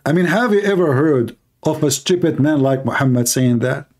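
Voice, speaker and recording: A man's voice: a little high, animated, moderate pace, darkish tone. Sarcastic man hosting a livestream. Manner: sarcastic and mocking, nonstandard English grammar. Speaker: host of a live religious debate stream. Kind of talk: mocking livestream monologue.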